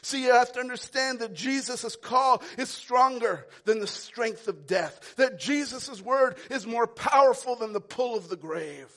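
A pastor preaching a sermon, moving from quiet, low lines to loud, ringing calls. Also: male voice, lively intonation, measured pace, few pauses. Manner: preaching with big swings from soft to loud.

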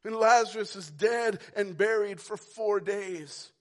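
High-voiced man preaching a slow sermon. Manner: swings from shouting to hushed whisper; repetitive emphatic preaching. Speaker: pastor.

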